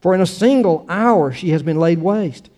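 A man's voice: sits high, animated, normal speed, darkish tone, big-room sound. Man preaching and reading scripture aloud. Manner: reads scripture with emphatic rises, then talks plainly with fillers. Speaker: pastor.

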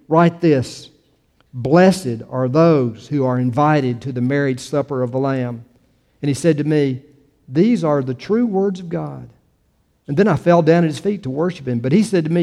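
A pastor giving a sermon, reading scripture with emphatic rises and then talking to the congregation with easy fillers. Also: male voice, on the high side, mellow, in a large hall.

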